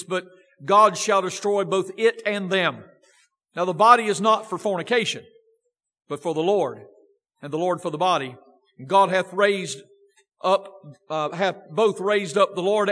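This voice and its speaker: A man's voice: high voice, fairly bright tone. A man preaching a sermon as pastor, reading scripture with strong emphasis and asking rhetorical questions in a church sanctuary. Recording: long church-hall reverb.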